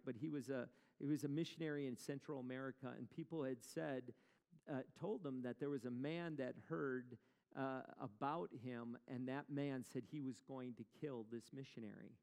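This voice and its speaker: A man's voice: medium pitch, creaky, darkish tone, big-room sound. A male pastor preaching a sermon in a conversational way, asking the congregation questions as he retells a story.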